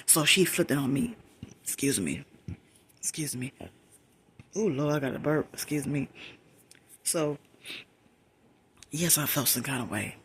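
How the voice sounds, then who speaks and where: A middle-aged woman telling a personal story in a soft, breathy whisper, emphatic and conversational, repeating words for stress. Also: rumbling low, expressive, a little slow, pauses often, slight background noise.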